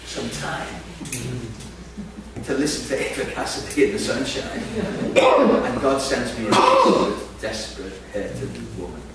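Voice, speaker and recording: With wildly swooping pitch in a mid-range voice, an unhurried preacher gives a sermon and tells a humorous story about himself to a crowd in a large hall. The sound is echoey, distant, and noisy.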